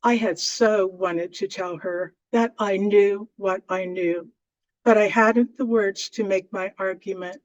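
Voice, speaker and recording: Slow, measured woman reading poetry. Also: mid-range voice, steady tone, dry recording, highs cut off. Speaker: poet.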